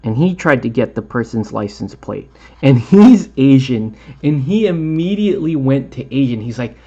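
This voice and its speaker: Rambling, easygoing male painting host who laughs a lot; average pitch, dull recording. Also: lively intonation, moderate pace, mellow, breathy edge. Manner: rambling, chatty, laughs often. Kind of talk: casual chat while painting a tutorial.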